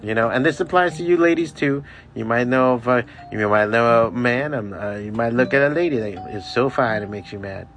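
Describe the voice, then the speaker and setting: A man's voice: medium pitch, brisk, fairly bright tone, soft background music. A man hosting a podcast, ranting in a rambling, heavily profane way and laughing at his own jokes. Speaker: podcast host. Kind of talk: profane solo podcast rant.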